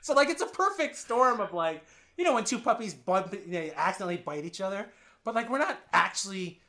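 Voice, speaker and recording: Speaking a little fast, a male podcast guest recounts personal stories with real candor. He impersonates the people in them, curses without holding back, and moves between animated, loud moments and hushed, low ones.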